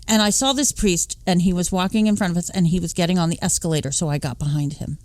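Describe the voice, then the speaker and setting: A woman in her late fifties, a podcast host from the Philadelphia and New York area, telling a personal story in an animated way. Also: fast talker, no room sound. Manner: animated, acting out dialogue with big pitch swings.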